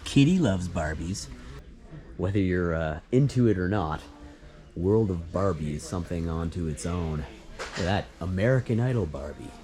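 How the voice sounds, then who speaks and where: Deep-voiced and expressive at normal speed, a man vlogs through an indoor flea market with a crowd audible around him. He narrates casually, musing on what he sees, as the store's music plays.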